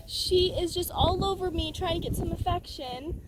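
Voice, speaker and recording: A woman vlogging outdoors by a barn on a phone camera, cooing in a high baby-talk voice now and then. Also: normal speed, noisy background. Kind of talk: casual vlog.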